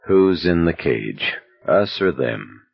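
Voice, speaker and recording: A man's voice: a bass voice, very animated, slow, creaky, husky, no room sound, dull audio, full character voice. A man voicing a brooding young man who talks in a dry, cynical way. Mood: musing.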